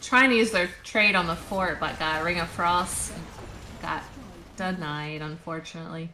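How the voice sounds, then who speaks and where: A woman co-casting a live esports match, calmly listing hero picks and abilities and laughing easily. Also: fairly low pitch, normal speed, echoey room, background noise. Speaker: esports color caster. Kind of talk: live game commentary.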